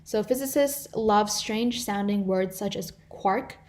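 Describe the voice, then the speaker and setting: A woman's voice: medium pitch, measured pace, a little mellow. A teenage girl teaching a live online grammar lesson as a volunteer tutor, explaining rules and reading example sentences aloud. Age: teens.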